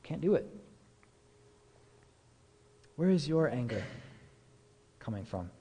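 A man's voice: mid-range voice, very animated, slow, mellow, slight background noise. A man preaching a conversational sermon as a pastor. He talks casually, using many fillers and rhetorical questions. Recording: echoey hall with long reverb.

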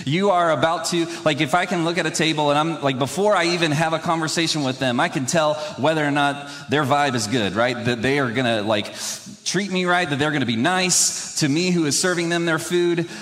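A young man giving a casual sermon, his fairly high voice wandering through restarts and self-mocking laughs. His words hang in a long hall reverb. He sounds like he is confiding in the room. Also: fairly bright tone. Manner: rambling, self-deprecating, laughs often. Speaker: preacher. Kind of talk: conversational sermon.

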